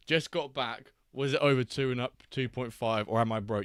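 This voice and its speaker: A man's voice: mid-range voice, normal speed, few pauses, clear, resonant tone, dry recording. A man hosting a live watchalong stream, reading chat aloud and bantering with a jokey, laughing manner.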